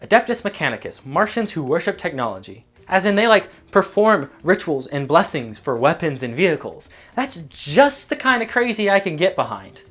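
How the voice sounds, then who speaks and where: A man's voice: a little high, sing-song, a bit bright. A young man giving comedic, sarcastic commentary while ranking game factions as a YouTuber. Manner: jokey, sarcastic, quick asides.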